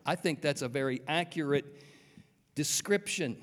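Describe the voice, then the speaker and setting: Earnest high-voiced preacher in a reverberant hall. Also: male voice, takes it slowly, a bit bright. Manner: asks the congregation rhetorical questions, earnest. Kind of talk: sermon.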